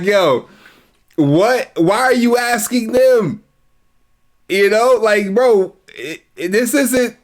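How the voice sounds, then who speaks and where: Man reaction host, slightly raised pitch, loose and agreeable, lively intonation. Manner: agreeable, repeats "right", casual slang and restarts. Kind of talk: casual reaction commentary.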